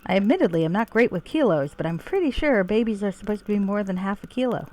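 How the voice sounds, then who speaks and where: A woman's voice: mid-range voice, animated, fast talker, darkish tone. A woman streamer casually chatting while playing, sweary and self-mocking, with faint game music behind her. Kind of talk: casual gameplay commentary.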